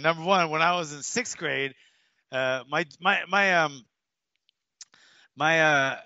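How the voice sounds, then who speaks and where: A coach in his fifties, from Hawaii, tells rambling stories in a bright, fairly high man's voice. His words stop and restart often. The sound is dry and a bit dull, like a lo-fi recording. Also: no echo. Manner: rambling, with many restarts and fillers. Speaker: martial arts coach. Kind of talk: casual interview storytelling.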